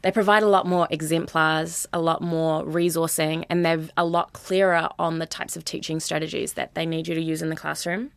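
Young Kiwi woman, twenties, teacher in a frank interview; lowish pitch, chatty, dry recording. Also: flat delivery, moderate pace, vocal fry, hardly any pauses, clear, resonant tone, no echo. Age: 20s. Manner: earnest, chatty, full of "like" and "you know". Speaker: high school teacher. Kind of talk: candid interview.

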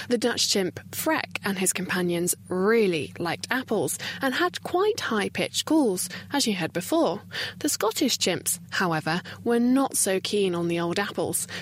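A woman's voice: medium pitch, sing-song, normal speed, a little hiss or hum. A woman reporter narrating a scripted science report in a playful way.

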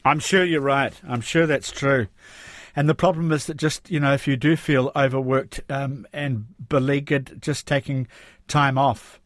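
A man's voice: mid-range voice, fairly even intonation, measured pace, no echo, clean studio sound. A man hosting a radio interview, putting conversational questions with tag questions to his guest. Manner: conversational, leading questions with tags. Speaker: interview host.

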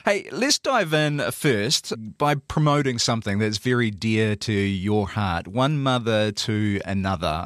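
A man's voice: fairly low pitch, fairly bright tone, no echo, studio quality. A man hosting an interview, asking friendly leading questions. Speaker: host, reverend. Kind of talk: interview host.

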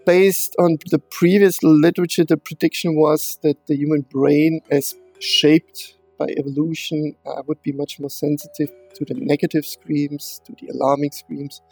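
Guest researcher, male, slightly higher voice, careful and halting. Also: level tone, a little mellow, dry recording, soft background music. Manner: measured, hesitant with many fillers and restarts. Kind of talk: explaining research in an interview.

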